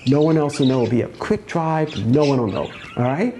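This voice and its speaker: A man's voice: mid-range voice, animated, normal speed, warm tone, slight background noise, close to an everyday voice. A man doing a coaxing old Pope. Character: elderly Pope, wistful and coaxing.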